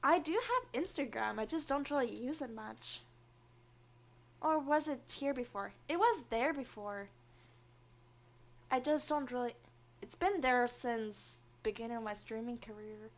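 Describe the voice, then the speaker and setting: A woman's voice: a little high, lively intonation, moderate pace, highs cut off. A young woman streaming a game, reading its story lines aloud and chatting with viewers between them, laughing often.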